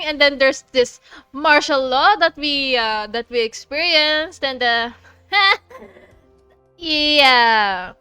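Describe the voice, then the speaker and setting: A woman's voice: high-pitched, animated, extremely slow, pushed and bright, no room sound, soft background music. A woman from the Philippines with a Filipino accent, chatting casually while streaming a game, laughing often and swearing freely. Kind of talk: casual chat while playing.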